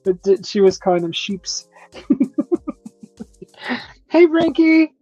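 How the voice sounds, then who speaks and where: A woman's voice: medium pitch, little pitch movement, moderate pace, mellow, dry recording, highs cut off, faint music behind. A woman hosting a casual live chat from her home kitchen, chatty and teasing, laughing often as she reads viewer comments. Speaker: host of a live chat stream.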